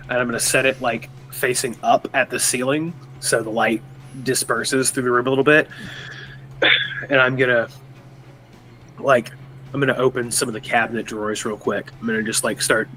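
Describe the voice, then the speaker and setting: A man at a tabletop game talks through his character's moves, restarting and thinking aloud as he goes. His pitch sits in the middle range for a man. A faint noise stays underneath. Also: fairly even intonation, a little fast, bright, forceful tone, rough recording. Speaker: player.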